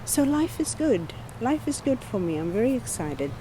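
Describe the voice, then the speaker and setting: A woman's voice: on the high side, very animated, normal speed, background noise. An older woman from Africa, giving an earnest, heartfelt missionary update and repeating her thanks. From South Africa. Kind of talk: personal ministry update.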